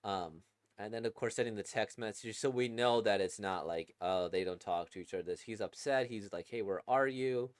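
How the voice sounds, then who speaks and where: A man's voice: on the low side, fairly quick, no echo, clean studio sound. Chatty man reacting to manga. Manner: chatty, enthusiastic, many fillers. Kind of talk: casual commentary reading manga.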